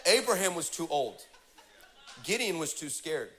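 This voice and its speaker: A man preaching a sermon as pastor, animated and loud, shouting lines and laughing through quick asides. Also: fairly high pitch, crowd noise. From Mexican heritage. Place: church stage.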